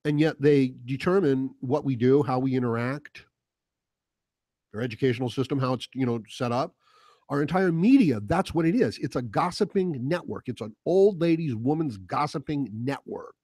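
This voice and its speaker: A man's voice: medium pitch, moderate pace, warm tone, no echo. Blunt, sarcastic man ranting. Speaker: host. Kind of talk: opinion rant vlog.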